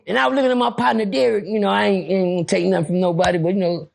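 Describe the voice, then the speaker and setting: Animated, gravelly high-voiced man storyteller. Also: very fast. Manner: animated, acts out voices and profane asides. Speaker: podcast guest telling a jail story. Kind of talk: casual storytelling chat.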